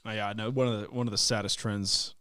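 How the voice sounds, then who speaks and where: A man's voice: lowish voice, steady tone, quick pace, bright, forceful tone, no echo. A young man co-hosting a podcast, chiming in with short agreeing remarks in casual chat. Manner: chimes in with short agreeing asides. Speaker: podcast co-host.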